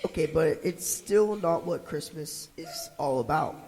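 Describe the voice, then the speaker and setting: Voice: mid-range voice, lively intonation, unhurried, big-room sound, slight background noise, natural voice, rough recording. Someone playing a patient jungle narrator. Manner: patient, gently correcting. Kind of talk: church Christmas puppet skit. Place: church sanctuary.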